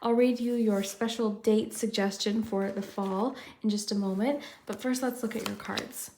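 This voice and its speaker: A woman's voice: mid-range voice, steady tone, normal speed, a little mellow, slight background noise. A woman doing a pick-a-card tarot reading, chatty and reflective, often saying "I feel like". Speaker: tarot reader.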